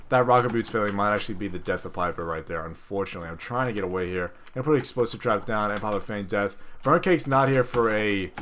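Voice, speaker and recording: A young man giving casual gameplay commentary, rambling and profane, with excitable bursts and frequent restarts. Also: medium pitch, a little hiss or hum. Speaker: gaming video creator.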